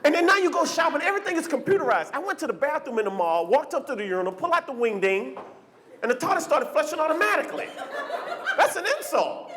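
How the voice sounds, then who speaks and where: A man doing a stand-up comedy set on a club stage, animated and often jumping into shouted character voices. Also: very high-pitched, fast talker. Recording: live club recording with crowd laughter. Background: audience laughter.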